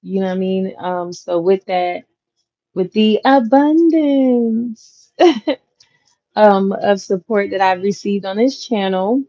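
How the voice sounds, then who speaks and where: Woman, 30s, channel host; unhurried, slightly low voice, casual slang, dull lo-fi recording. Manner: chatty, relaxed slang, frequent fillers. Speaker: content creator, channel host. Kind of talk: casual chat to viewers. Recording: dull lo-fi audio. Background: clacking noise.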